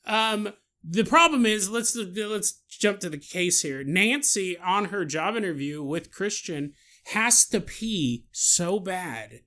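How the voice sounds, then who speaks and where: A man's voice: high-pitched, lively intonation, slow, pushed and bright. A man hosting a podcast, telling a story in a comedic, jokey way and laughing at his own asides. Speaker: podcast host.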